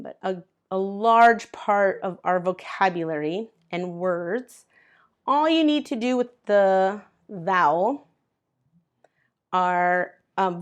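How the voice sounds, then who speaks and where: A woman's voice: medium pitch, clean tone. A woman teaching English grammar to learners, patiently spelling out letters and sounds one by one. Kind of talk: slow classroom grammar explanation.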